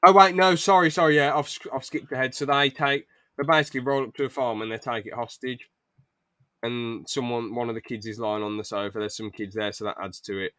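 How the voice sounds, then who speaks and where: A young man hosting a podcast, pitching a film script in a rambling, stop-start way with lots of fillers. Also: steady tone, brisk, sharp tone, dry recording, studio quality. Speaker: podcast host. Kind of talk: casual podcast chat, reading out a film pitch.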